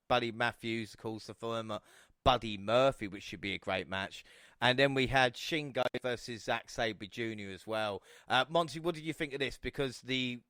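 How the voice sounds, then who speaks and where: A man hosting a podcast, lively and chatty, running through the matches in casual talk. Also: medium pitch, clear, resonant tone, dry recording, clean studio sound. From England. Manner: lively, chatty, laughs easily. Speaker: podcast host. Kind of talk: casual chat.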